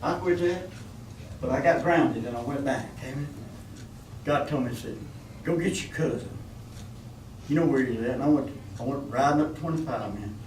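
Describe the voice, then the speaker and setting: A man's voice: medium pitch, fairly quick, darkish tone, recorded from a distance, a little hiss or hum. A man preaching a folksy sermon, calling out for amens from the congregation. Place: church. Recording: echoey church room, mic from afar.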